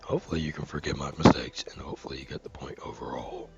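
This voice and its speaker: A man's voice: very deep voice, fast, in a whisper, lo-fi sound, over loud music. A man earnestly reading a viewer comment aloud, carefully and with dramatic stresses.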